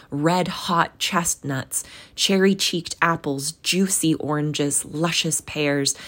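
A young adult woman reading a classic story aloud, then chatting affectionately with her listeners. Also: low-pitched. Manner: warm, affectionate, encouraging. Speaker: audiobook reader and podcast host. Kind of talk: storybook reading and casual sign-off.

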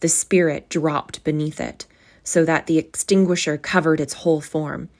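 A woman reading a classic novel aloud in a measured, expressive way, with a casual, chatty sign-off. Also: low-pitched. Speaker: audiobook reader.

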